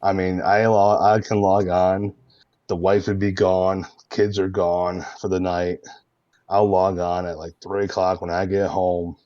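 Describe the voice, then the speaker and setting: A low-voiced middle-aged man from the US tells meandering stories about his roleplay nights. He pads his talk with "man" and "dude". His call audio is dull and lo-fi, with a dead, dry sound. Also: level tone, measured pace, a little mellow, no room sound. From United States. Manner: rambling anecdotes, peppered with "man" and "dude". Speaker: guest roleplayer. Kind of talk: casual storytelling interview.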